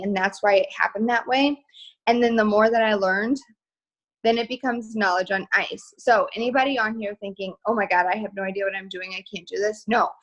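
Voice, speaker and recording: A woman talks casually on a live stream, chatty and upbeat, with lots of "like" and "um" fillers. Her pitch sits in a middle range for a woman. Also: poor audio. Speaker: guest speaker.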